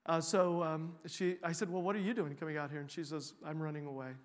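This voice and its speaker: Pastor preaching in a reverberant hall. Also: male voice, a little high, level tone, quick pace. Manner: conversational storytelling with many fillers and restarts. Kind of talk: sermon.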